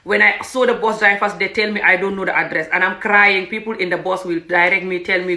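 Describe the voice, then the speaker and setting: A woman's voice: fairly low pitch, brisk, hardly any pauses, echoey room. A young woman from Gambia with a Gambian accent, casually telling her own story and acting out the voices of people in it. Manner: animated, acts out quoted speech, frequent "what the hell".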